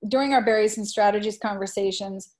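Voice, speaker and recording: A woman speaking over a video call as an education presenter, her voice sitting at a middle pitch. She answers questions in an earnest, reflective way and leans on "I think" as she reasons aloud. Retelling classroom moments brings out a lively, animated edge. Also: a little fast. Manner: grows animated when retelling classroom stories. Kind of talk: webinar Q&A answer.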